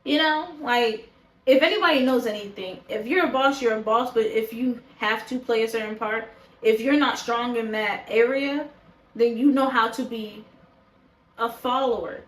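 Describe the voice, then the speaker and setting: A woman with a slightly high voice talks straight to camera about a show she is reviewing. She is blunt, opinionated and swears casually. Her voice bounces around an echoey room. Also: normal speed. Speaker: show reaction vlogger. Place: indoors, talking to a camera.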